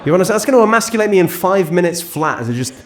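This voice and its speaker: A man's voice: high-pitched, animated, very fast. A young English man doing stand-up comedy on stage, self-mocking and rambling in his delivery. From England. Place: on stage before a live audience.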